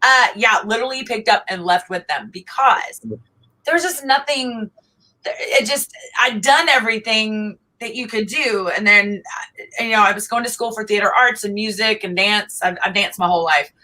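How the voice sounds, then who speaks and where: A woman's voice: mid-range voice, normal speed, sharp tone, low-quality recording. A middle-aged woman, chatting animatedly as a guest and laughing often. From Oklahoma. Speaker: guest singer-songwriter. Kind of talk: casual interview chat.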